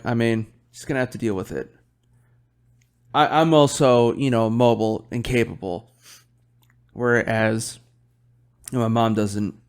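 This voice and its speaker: A man's voice: mid-range voice, vocal fry, clean tone. A young man hosting his own podcast, chatting casually and rambling while he drinks beer, swearing often and yawning. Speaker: podcast host.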